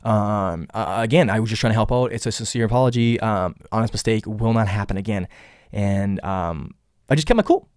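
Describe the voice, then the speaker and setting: A man hosting his own podcast, talking casually on his own, rambling and repeating words with many fillers, and acting out quoted lines in a higher voice. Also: a little fast, a little mellow, clean tone, dry recording, clean studio sound. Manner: acts out quoted dialogue in a raised voice. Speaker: podcast host. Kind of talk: casual solo podcast monologue.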